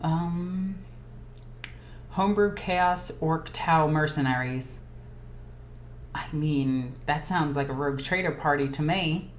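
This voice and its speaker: Excitable woman streamer in an echoey room. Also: low-pitched, slow pace, long pauses. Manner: excitable and chatty, jumping between topics. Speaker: streamer hosting a live Q&A. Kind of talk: casual livestream chat, reading viewer comments aloud. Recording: echoey room with faint ambient noise.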